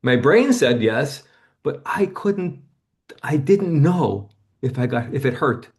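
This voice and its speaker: A man's voice: lively intonation, takes it slowly. Man, 70s, interview guest; reflective personal storyteller, mid-range voice. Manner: personal storytelling, acts out remembered voices with sudden jumps in pitch. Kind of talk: casual reflective conversation.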